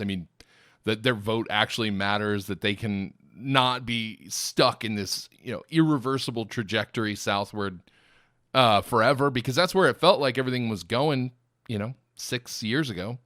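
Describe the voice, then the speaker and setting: Male podcast host, mid-pitched voice, dry close sound, thoughtful leading questions. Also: a bit bright, no echo. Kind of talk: podcast interview.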